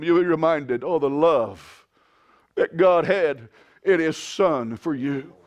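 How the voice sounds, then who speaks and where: A man preaching a sermon as pastor, swinging from quiet, drawn-out lines to loud shouted climaxes. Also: fairly high pitch. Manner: impassioned preaching, rising to shouts.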